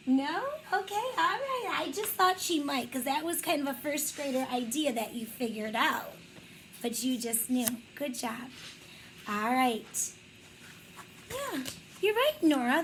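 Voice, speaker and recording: A woman teacher reading a picture book aloud to young children, slow and encouraging, praising them often. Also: high-pitched, slight background noise, low-quality recording.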